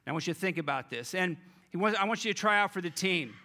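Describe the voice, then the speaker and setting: A man's voice: high-pitched, expressive, quick pace, sharp tone. A man voicing a stern older baseball manager who presses with emphatic, testing questions. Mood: challenging.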